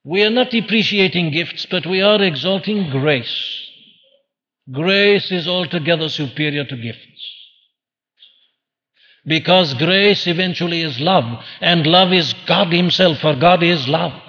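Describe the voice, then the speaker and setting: A man's voice: on the high side, measured pace, sharp tone, big-room sound, highs cut off. A man preaching a sermon earnestly, posing questions and answering them himself. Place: church.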